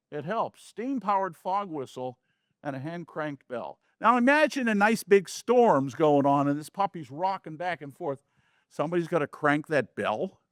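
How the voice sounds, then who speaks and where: A man's voice: on the high side, no room sound, clean studio sound. A man giving a casual slide talk about his photographs to a small audience, chatty, with folksy asides and jokes. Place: community meeting room.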